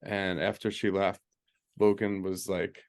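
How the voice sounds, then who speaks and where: A man's voice: sits low, level tone, measured pace, vocal fry, darkish tone. A man co-hosting a podcast, chatting casually and adding details to his wife's stories. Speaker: podcast co-host. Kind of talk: casual chat.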